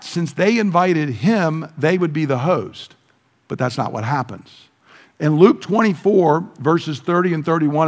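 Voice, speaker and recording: Male pastor, teaching sermon, explanatory, slightly high voice, long hall reverb. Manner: explanatory, acts out quoted dialogue.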